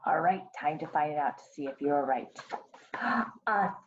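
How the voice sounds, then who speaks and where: Reading a picture book to her kindergarteners, this woman goes slowly and with plenty of expression, pausing now and then to quiz the kids. She has a low voice, captured on lo-fi audio with a little background noise.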